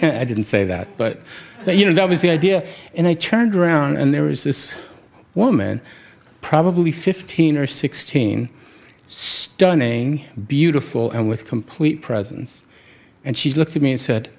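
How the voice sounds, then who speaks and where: A man from New York City telling a reflective personal story, often halting and restarting his words and chuckling at himself. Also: on the high side, animated, gravelly. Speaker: speaker sharing a personal story.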